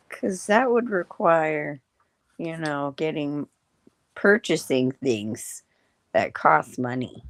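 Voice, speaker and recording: A woman co-hosting a casual chat, wry and quick to laugh, asking skeptical follow-up questions. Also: deep voice, lively intonation, no room sound. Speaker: podcast co-host.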